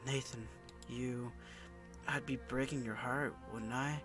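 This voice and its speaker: A sad, self-loathing teenage girl speaks in soft, faltering phrases, read aloud by a man in his own middle-pitched voice. Clear music plays under the game dialogue. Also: fairly even intonation, lightly acted. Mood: sad, hesitant. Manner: soft, hesitant, halting. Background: background music.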